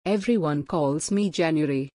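Man mimicking a robotic monotone woman narrator. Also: on the high side, no echo, studio quality, pitched above the performer's own voice, natural voice. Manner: flat, mechanical reading with stiff pauses.

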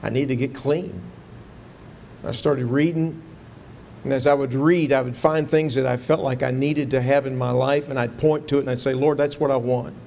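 In a creaky, slightly mellow mid-range voice, a pastor preaches at a moderate pace with fairly even intonation. Against slight background noise, he recounts a personal story with earnestness and grows fervent and pleading as he quotes his prayers.

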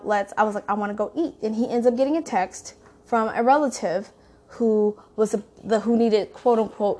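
A young woman telling a personal story in a candid, profane, animated way, acting out what she and others said. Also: medium pitch. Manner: candid, profane, animated retelling with quoted asides. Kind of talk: casual storytelling monologue.

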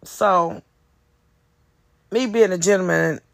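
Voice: medium pitch, slow, creaky, no echo. A podcast host telling a story in a casual monologue, swearing freely and acting out the quotes. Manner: profane, animated, lots of acted quotes.

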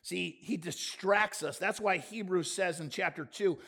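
A man pastor preaching a lively sermon to a live congregation, with punchy rhetorical questions and jokey asides. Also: high voice, unhurried, creaky, hardly any pauses. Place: church before a congregation.

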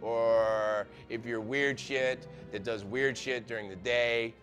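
A man's voice: mid-range voice, steady tone, slow pace. An actor playing a furious young woman sorority officer who rants and swears in a dramatic reading over music. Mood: screaming. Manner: profane, seething, building to screaming. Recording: loud music under the voice.

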